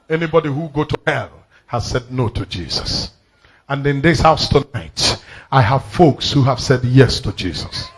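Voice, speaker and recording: A man's voice: medium pitch, breathy edge. A man preaching a sermon to a congregation, emphatic and repetitive, often asking the crowd questions. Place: church service before a congregation.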